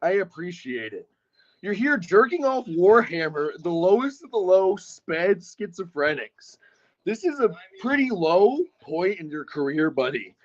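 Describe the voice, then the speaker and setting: A man's voice: high-pitched, big pitch swings, a little slow, lo-fi sound. A man taunting and goading a rival in a heated online voice chat, in a mocking tone. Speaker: streamer calling in to a rival's stream. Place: online voice call.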